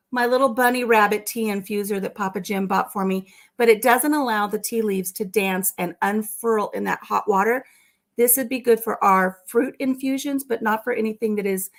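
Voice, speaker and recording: A woman hosting a live stream in casual chat. She reads out viewer comments, answers them, and tells a story with soft asides. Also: medium pitch.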